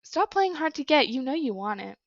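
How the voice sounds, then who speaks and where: A woman's voice: sits high, very animated, a little fast, dry recording, muffled recording, voice pushed up. A woman reading the lines of a smug, leering teenage boy in a story.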